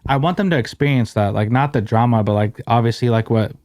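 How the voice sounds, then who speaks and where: Man, young adult, podcast host, laid-back, slang, clear dry voice. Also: medium pitch, fast talker, darkish tone, no echo. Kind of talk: casual podcast chat.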